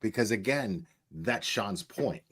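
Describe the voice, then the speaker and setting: A man's voice: on the low side, expressive, takes it slowly, a bit bright, slightly rough. A man hosting reaction commentary, blunt and profane, hammering his points over and over. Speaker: commentary channel host.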